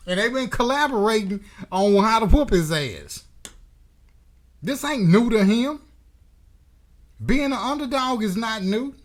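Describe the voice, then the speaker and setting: A man's voice: sits high, lively intonation, slow, pauses often. A man hosting a boxing commentary channel, delivering a blunt, profane, emphatic opinion rant.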